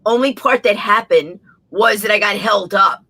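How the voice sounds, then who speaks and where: A woman guest telling a comic story with lively delivery, acting out the voices of the people in it. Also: mid-range voice, normal speed, slightly rough. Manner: animated, acts out the voices in her story.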